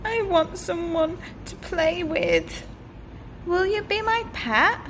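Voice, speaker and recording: A woman voicing a kind young princess who speaks softly and warmly to a lonely creature. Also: very high voice, very animated, slow pace, slight background noise, pitched above the performer's own voice, full character voice.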